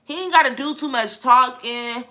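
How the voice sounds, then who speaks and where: A woman in a casual vlog, talking emphatically about faith in an animated, preachy way. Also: high-pitched, moderate pace. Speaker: vlogger.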